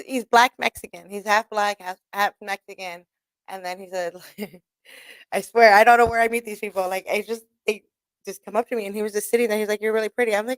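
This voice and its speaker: A woman's voice: medium pitch, a bit bright, dry recording. A woman radio host, talking in a blunt, profane, casual monologue and laughing often. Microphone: studio mic.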